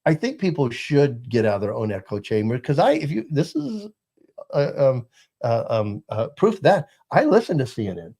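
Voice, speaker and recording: Guy hosting a political chat show, rambles a lot, um uh restarts, mid pitch. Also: sing-song, moderate pace, warm tone. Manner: rambling, many fillers and restarts. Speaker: talk show host.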